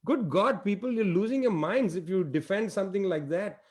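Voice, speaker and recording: Emphatic high-voiced man on a panel. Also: moderate pace, a little mellow. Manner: emphatic, rhetorical questions. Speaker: panel guest. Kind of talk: impassioned political commentary.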